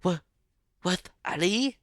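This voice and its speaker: Worried protective mom, a guy reads her out, halting, trips on words, dry close sound. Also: high voice, lively intonation, a bit bright, no room sound, pitched above the performer's own voice, full character voice. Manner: halting, stumbling over words. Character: worried, protective middle-aged mother. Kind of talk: amateur reading aloud.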